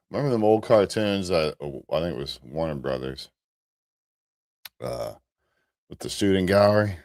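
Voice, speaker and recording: Deep-voiced American man rambling on a live show. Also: lively intonation, measured pace, pauses often, a little mellow, no echo, clean studio sound. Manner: rambling, restarts, chuckles at himself. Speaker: host of a live morning commentary stream. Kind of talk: casual rambling commentary.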